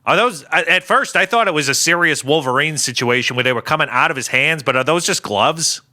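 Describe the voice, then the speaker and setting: A man's voice: a little high, a little fast. A man co-hosting a podcast, chatting casually and animatedly, mocking scenes by acting them out. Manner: animated, acts out characters mockingly. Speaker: podcast co-host. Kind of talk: casual chat.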